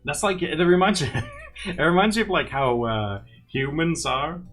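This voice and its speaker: A man's voice: fairly high pitch, lively intonation, moderate pace, fairly bright tone. A young man livestreaming to viewers in casual, rambling chat. He laughs often and acts out quotes. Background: faint music.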